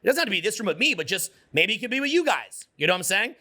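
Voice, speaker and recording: A man coaching a live audience in a motivational seminar, energetic, swearing freely and getting the crowd to repeat his words. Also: high-pitched, racing. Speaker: social skills coach.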